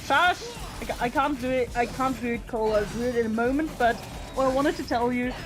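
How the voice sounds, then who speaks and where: A woman with a fairly high voice tells a story in halting starts and makes dry jabs at her friends. Music plays clearly under her voice. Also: low-quality recording. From Germany. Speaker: co-streamer. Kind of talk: casual group chat. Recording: music behind the voice.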